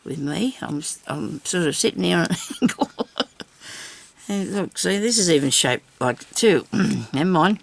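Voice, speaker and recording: Her voice sits on the low side, creaky and expressive, moving at a measured pace. An older woman hosting a journal video, she stays seated at her home table cutting and inking, making casual crafting chatter to herself and laughing frequently.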